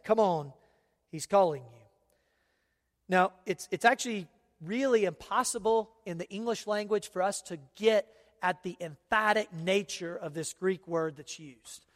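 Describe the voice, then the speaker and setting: Man preaching a sermon, high voice, emphatic, long hall reverb. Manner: emphatic preaching, rhetorical "right?" asides. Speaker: pastor.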